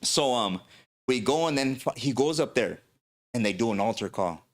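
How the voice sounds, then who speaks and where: A man's voice: medium pitch, animated, moderate pace. Slangy man telling stories. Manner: slangy, rambling storyteller. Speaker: podcast host. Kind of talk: casual podcast storytelling.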